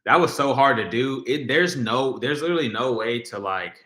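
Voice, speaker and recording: A man's voice: mid-range voice, moderate pace, sharp tone. A man hosting a casual livestream, chatting with viewers in a rambling way, full of fillers and restarts. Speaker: livestream host reacting to music. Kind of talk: casual livestream chat, reading viewer comments. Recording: roomy echo.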